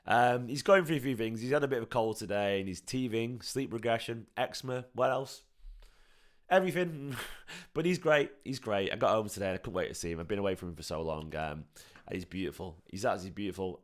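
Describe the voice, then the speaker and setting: A man, hosting a casual football fan reaction stream, passionate and rambling with swearing, tired and his voice going. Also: on the low side. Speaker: football fan channel host. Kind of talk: casual live match reaction.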